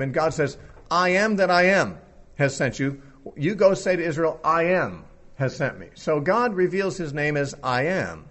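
A man explaining a Bible passage in an unscripted teaching talk, thinking aloud with occasional fillers. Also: on the high side.

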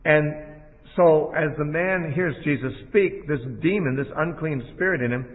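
Man, sermon, measured explanatory delivery, phone-like lo-fi sound, long hall reverb. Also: a little high. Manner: measured, explanatory, with quoted lines read aloud. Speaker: preacher. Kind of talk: sermon-style Bible teaching. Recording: tinny phone-like audio in a large hall.

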